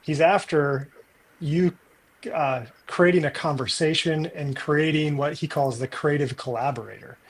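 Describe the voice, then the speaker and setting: A man's voice: fairly high pitch, steady tone, a little slow. A man co-hosting a casual book discussion, thinking aloud and rambling with many fillers. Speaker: podcast co-host.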